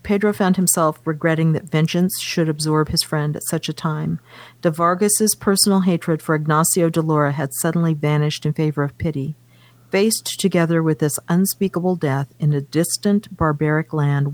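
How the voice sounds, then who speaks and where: A woman's voice: sits low, no echo. A woman co-hosting a casual book discussion, reading passages aloud from the novel between her comments. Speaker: podcast co-host.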